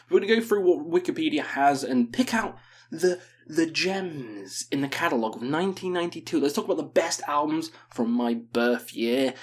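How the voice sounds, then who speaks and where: A man in his thirties chatting casually as a metal music video host, cursing and joking with enthusiasm. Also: fairly high pitch. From England. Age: 30s. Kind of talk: casual album-review chat.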